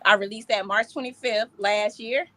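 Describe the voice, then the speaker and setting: A woman's voice: medium pitch, steady tone, moderate pace, bright, forceful tone. A young adult woman, a southern soul singer, chatting casually in an interview and restarting her phrases as she talks.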